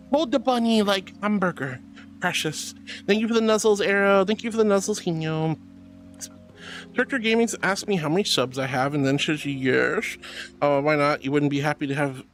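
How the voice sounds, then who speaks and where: A woman streamer chats casually and reads out viewer messages, bubbly and affectionate, calling everyone sweetie and honey. Her medium-pitched voice comes across giggly and teasing.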